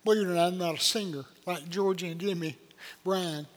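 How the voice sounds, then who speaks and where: A man's voice: sits high, steady tone, brisk, slight background noise. An older man, preaching a sermon as a pastor in a folksy, earnest storytelling manner. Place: church sanctuary. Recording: long hall reverb.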